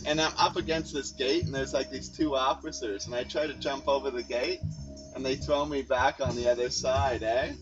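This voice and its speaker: A man's voice: medium pitch, steady tone, normal speed. A man hosting a casual chat, rambling through stories, swearing freely and ending his sentences with "eh". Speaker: host. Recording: dull lo-fi sound with loud music. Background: music playing.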